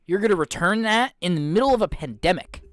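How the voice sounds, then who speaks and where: Lively co-host asking questions. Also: mid-range voice, no echo, clean studio sound. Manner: lively, questioning, drawn-out talk. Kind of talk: casual chat.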